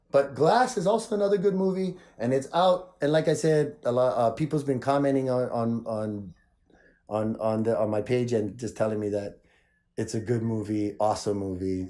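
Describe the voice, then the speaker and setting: A man from Maui hosting his own show, talking in an excited, rambling way with lots of repeats. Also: mid-range voice. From Maui, Hawaii. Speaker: show host. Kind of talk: casual video chat.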